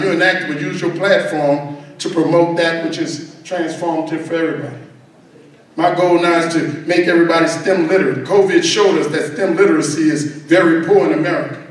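A middle-aged man giving a motivational keynote speech at a gala, talking with a folksy, emphatic, preacher-like cadence. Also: fairly high pitch. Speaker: keynote speaker. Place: large event hall at a gala. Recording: echoey hall recorded from far off.

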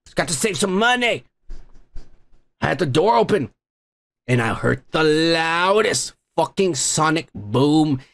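A podcast host man delivers a grumbling, profanity-laced rant. His voice sits fairly high and carries a rough, gravelly fry. He sounds irritable throughout, cursing constantly as he talks. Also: lively intonation, measured pace, pauses often, fairly bright tone. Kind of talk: profane ranting monologue.

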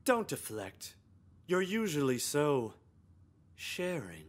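An actor playing a predatory male school staff member who taunts a student in a smooth, insinuating way. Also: a little high, big pitch swings, takes it slowly. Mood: sly, taunting. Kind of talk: video game voice acting.

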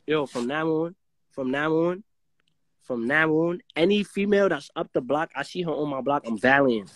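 A man's voice: on the high side, moderate pace. A brash young man talking in profane slang on a casual livestream. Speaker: livestream participant.

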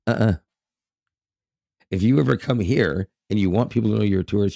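A man's voice: lowish voice, brisk, vocal fry, mellow, no echo, clean studio sound. A man from Canada co-hosting a podcast, chatting casually and joking, often correcting himself mid-sentence. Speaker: podcast co-host.

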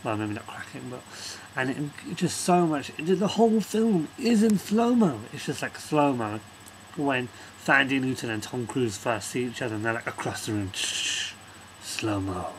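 A man rants through a film review in a loose, rambling way, swearing freely as his exasperation builds. His voice sits at a mid pitch, and faint background noise runs beneath him. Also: normal speed, fairly bright tone, rough recording. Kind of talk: casual rant-style film review.

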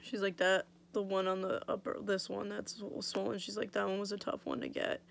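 Young woman vlogger, gravelly, swears casually, chatty and candid, mouth swollen after surgery. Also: medium pitch, level tone, a little fast, a little hiss or hum. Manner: chatty, blunt, swears freely, lots of "like". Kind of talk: casual storytelling vlog.

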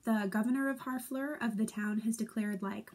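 A woman's voice: on the high side, steady tone, moderate pace, a little mellow. A woman teacher casually summarizing a play for her students, chatty and playful, with lots of fillers. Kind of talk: casual classroom summary video.

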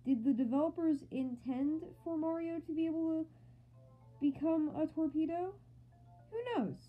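A woman's voice: high-pitched, steady tone, moderate pace, soft background music. A woman doing playful, goofy gameplay commentary with mock outrage and silly asides. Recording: thin phone-like audio.

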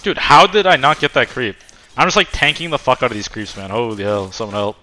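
A man's voice: mid-range voice, a little fast, pushed and bright. A man casually commenting on his own gameplay, joking and swearing loosely. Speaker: streamer playing a video game.

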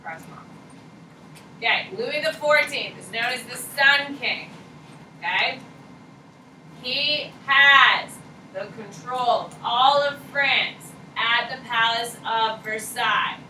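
A woman's voice: on the high side, takes it slowly, pushed and bright. Woman teacher lecturing her class, jokey and casual, echoey room, mic way off, lots of noise. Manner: casual, joking, repeats key points for note-taking. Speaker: high school history teacher. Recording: echoey classroom from far off, noisy.

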